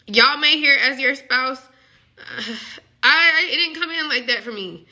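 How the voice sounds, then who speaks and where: Very bright-voiced young woman. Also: sits high, a little slow. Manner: emotional, musing, conversational. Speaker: spiritual love coach. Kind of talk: casual spiritual message reading.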